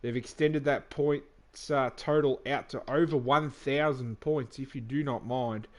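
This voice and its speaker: A man's voice: medium pitch, measured pace. Australian male co-commentator, dry humour, easygoing, many ums. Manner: relaxed, dry banter, filler-heavy. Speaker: sim racing commentator. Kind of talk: casual live commentary.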